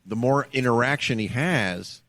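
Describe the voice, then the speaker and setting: A man's voice: mid-range voice, a little slow. A middle-aged man co-hosting a podcast in a bar, telling a story in casual chat and acting out the phone calls. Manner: animated, acts out the calls. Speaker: podcast co-host, ex-trooper.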